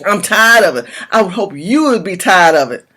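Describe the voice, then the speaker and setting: A woman from California ranting to camera in a vlog, her voice swooping between high and low. She is impassioned and blunt and swears freely. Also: expressive, normal speed, fairly bright tone. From California, USA. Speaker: political vlogger. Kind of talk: direct-to-camera political rant.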